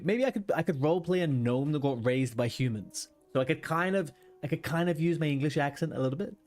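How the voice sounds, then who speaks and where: A man's voice: on the high side, a little fast, few pauses, a little mellow, soft background music. Chatty man muttering through a game stream. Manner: chatty, swears often, mutters to himself while playing. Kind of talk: casual gaming livestream chat.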